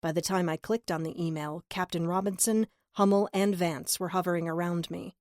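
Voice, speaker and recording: A woman narrates a first-person crime audiobook in a measured, earnest voice. Her voice sits fairly low, and the close studio recording is dry, with no room sound. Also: fairly even intonation, a little mellow, dry recording.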